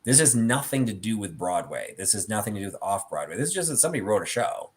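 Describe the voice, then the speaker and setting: A man's voice: fairly low pitch, very animated, quick pace. A middle-aged man hosting a casual chat about theatre collectibles, telling stories with many fillers. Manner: rambling storyteller with many fillers. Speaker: host.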